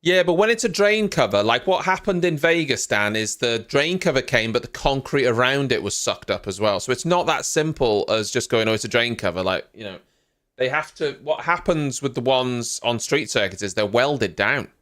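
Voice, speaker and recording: A man streams casual live reaction commentary, chatting in a rambling way full of asides and fillers. His pitch moves around a great deal. It sits at an ordinary middle level for a man. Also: animated, moderate pace, fairly bright tone.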